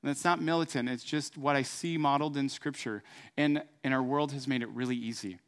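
A man's voice: mid-range voice, fairly even intonation, brisk, smooth. A middle-aged man preaching a sermon in an earnest, conversational way, then moving into a fervent prayer. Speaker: pastor.

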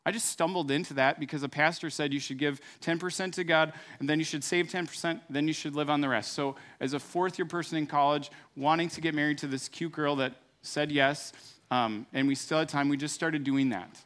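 A man's voice: a little high, steady tone, fairly quick, few pauses, a bit bright. A middle-aged man preaching a sermon in an earnest, conversational way, then moving into a fervent prayer. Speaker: pastor.

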